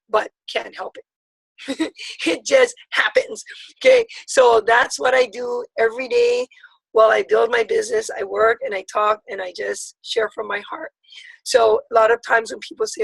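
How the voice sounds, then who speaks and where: Woman, 50s, motivational speaker; husky, lively swoops, dry sound. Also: high voice, dry recording, rough recording. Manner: passionate, rapid storytelling. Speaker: network marketing speaker. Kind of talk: motivational talk on a call.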